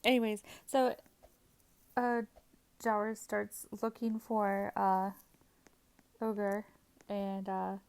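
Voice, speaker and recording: A woman's voice: medium pitch, flat delivery, extremely slow, vocal fry, long pauses, a little mellow, clean tone. A woman hosting a gaming channel, recapping her gameplay in a casual, rambling voice-over full of fillers and frequent giggles.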